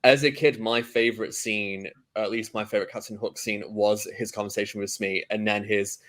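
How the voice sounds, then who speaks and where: Chatty young man, lowish voice. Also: fairly even intonation, fairly quick, fairly bright tone. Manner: enthusiastic, rambling with many fillers. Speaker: podcast host. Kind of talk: casual film discussion.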